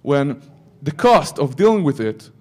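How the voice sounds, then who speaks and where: A man's voice: fairly high pitch, sing-song, a little slow. Joking man giving a conference talk. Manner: joking asides to the audience. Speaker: conference speaker.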